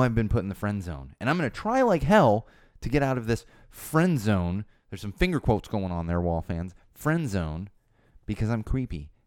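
A man hosting a casual monologue for his followers, emphatic and animated, repeating his points, his voice getting hoarse. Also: on the low side, no room sound, studio quality. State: voice going hoarse. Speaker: host of a personal talk show.

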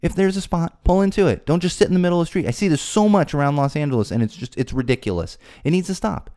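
A man hosting a solo podcast, ranting in an exasperated way, his voice climbing high when he gets worked up. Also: animated, fast, warm tone. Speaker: podcast host. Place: home studio.

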